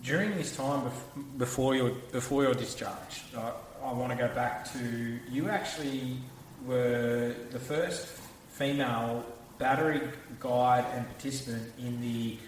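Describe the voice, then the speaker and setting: A man's voice: mid-range voice, steady tone, unhurried. A man hosting an interview podcast, casually prompting his guest with questions and restarting them as he goes. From Australia. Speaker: podcast host. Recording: echoey roomy sound, faint background noise.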